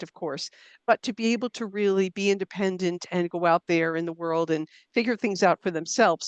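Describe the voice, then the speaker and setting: A woman's voice: mid-range voice, clear, resonant tone, dry recording. A middle-aged woman, an author and writing coach, answering interview questions in a thoughtful, self-deprecating way with fillers and restarts. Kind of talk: conversational interview.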